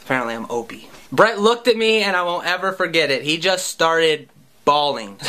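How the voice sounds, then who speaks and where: A man of about thirty tells a funny story from his own life, swearing freely and poking fun at himself. His voice sits high for a man and has a bright, forward edge. His tone is dry and wry. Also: expressive, moderate pace. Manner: wry, profane and self-mocking. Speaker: musician and vlogger. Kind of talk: comic personal storytelling.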